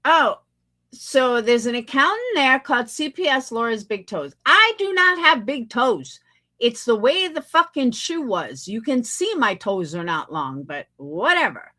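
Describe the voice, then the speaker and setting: A woman's voice: on the high side, sing-song, unhurried, pushed and bright. A woman hosting a livestream, talking back in a blunt, sarcastic and profane way. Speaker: livestream host. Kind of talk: casual livestream commentary.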